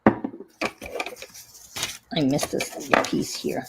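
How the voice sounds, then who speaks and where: Slow-talking woman with a New York accent, gravelly. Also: sits low, steady tone, slight background noise, rough recording. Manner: chatty, unhurried, thinks aloud. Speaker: crafting livestream host. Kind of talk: casual chat while crafting.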